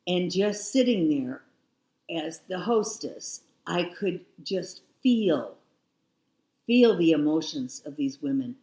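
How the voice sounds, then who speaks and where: Low-voiced, unhurried woman in her sixties, candid storyteller, echoey room. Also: lively intonation, warm tone. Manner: reflective, frank, repeats phrases. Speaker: guest.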